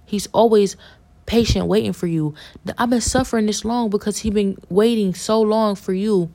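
A woman's voice: medium pitch, fairly even intonation, moderate pace, dark tone. A woman giving a fervent, preachy religious testimony as a podcast guest, repeating herself as she urges listeners.

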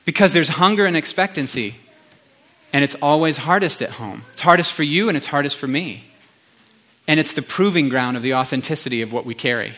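Forceful, bright-voiced man preaching. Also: fairly high pitch, a little fast. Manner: animated, chatty asides to the congregation. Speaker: pastor. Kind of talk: conversational sermon.

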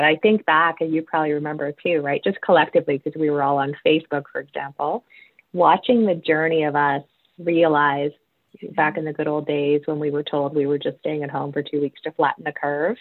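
A woman's voice: low voice, fairly even intonation, fairly quick, vocal fry, no room sound. A woman hosting a podcast, chatting in a friendly storytelling way over a tinny, phone-like line. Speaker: podcast host. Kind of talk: podcast conversation.

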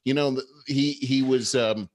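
A man hosting a talk show, telling political stories in a measured, conversational way. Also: medium pitch, fairly even intonation, dry recording. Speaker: show host. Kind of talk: casual political commentary.

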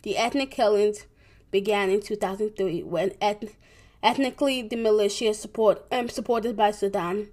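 A young woman giving a presentation, reading from her notes haltingly, with many restarts, corrections and fillers. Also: medium pitch, steady tone, a little mellow. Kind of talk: reading a school presentation on world events.

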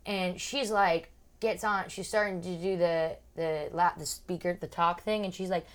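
A woman's voice: fairly low pitch, steady tone, normal speed. A young woman, a stand-up comedian, telling a story in casual podcast chat and acting out other people's lines in big voices. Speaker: podcast co-host.

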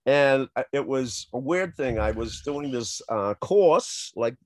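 A man, a salesman telling a funny story in an animated way, laughing as he goes and acting out other people's voices. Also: medium pitch, slow pace, no echo. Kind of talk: anecdotal storytelling.

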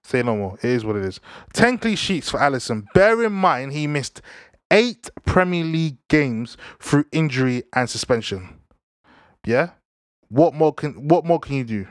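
A young man, giving casual football banter in an animated, slang-heavy way. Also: medium pitch, normal speed, no echo, clean studio sound. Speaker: football vlogger.

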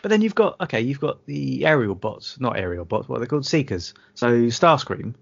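A man's voice: mid-range voice, sing-song, a little fast, vocal fry, breathy edge, no echo, highs cut off. A British man co-hosting a podcast, rambling drunkenly, swearing and laughing at his own jokes. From Britain. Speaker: podcast co-host. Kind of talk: drunken casual chat.

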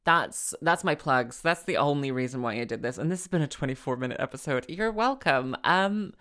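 She speaks in a rumbling low voice that's expressive, brisk and a little bright. Hosting her own podcast, she chats casually and tiredly, rambling, restarting phrases and tossing in self-deprecating asides.

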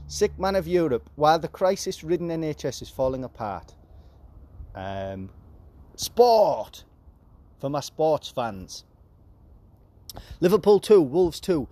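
A man in his forties hosting a casual podcast, reading news headlines aloud with deadpan, sarcastic asides. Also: mid-range voice, slight background noise. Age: 40s. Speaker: podcast host.

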